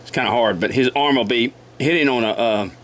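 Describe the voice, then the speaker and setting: A man with a cold teaching woodcarving in a folksy, repetitive way, often clearing his throat and apologizing. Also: mid-range voice, fairly quick, fairly bright tone. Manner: folksy, repeats measurements, frequent throat clearing. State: has a cold. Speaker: woodcarving instructor. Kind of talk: casual step-by-step demonstration.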